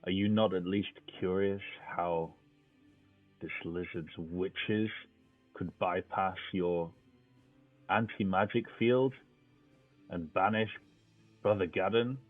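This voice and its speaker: A man's voice: rumbling low, steady tone, unhurried, soft background music. A man voicing a bitter, defiant male rogue who talks in a confrontational way. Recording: tinny phone-like line.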